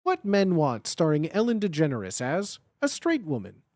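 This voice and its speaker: A man with a fairly high speaking voice chats casually on a stream. He rambles, stacking up filler words. The sound is dry and close. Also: wildly swooping pitch, darkish tone, dry recording. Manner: rambling, with lots of filler words, and quick laughs. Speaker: guest on a livestream. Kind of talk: casual chat.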